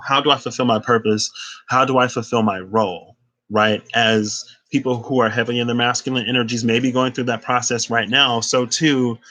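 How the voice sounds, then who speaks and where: A man's voice: mid-range voice, fairly bright tone, poor audio. A man giving a spiritual tarot reading, emphatic and conversational, with casual slang. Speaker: tarot reader.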